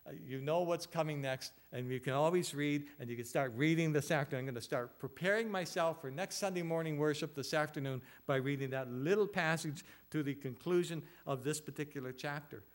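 A man's voice: on the high side, a little fast, hardly any pauses. Earnest man preaching a sermon. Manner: earnest, rhetorical questions, repeats phrases for emphasis. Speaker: pastor. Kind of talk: expository sermon.

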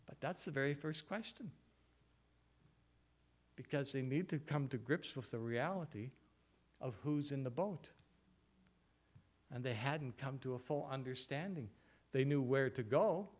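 Male pastor, slightly high voice, earnest sermon delivery, rhetorical questions, repetition. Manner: earnest, rhetorical questions, repeats phrases for emphasis. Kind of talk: expository sermon.

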